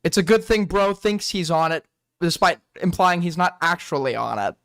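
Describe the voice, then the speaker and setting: A man's voice: high-pitched, expressive, moderate pace, fairly bright tone, dry recording, studio quality. A young man hosting a reaction commentary, incredulous and mocking, swearing freely and laughing at what he watches. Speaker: commentary host.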